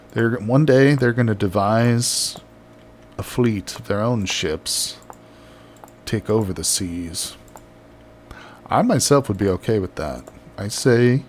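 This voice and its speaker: During a live game stream, a man builds and chats easily, laughing often as he reads out messages from viewers. His low, somewhat mellow voice comes with slight background noise.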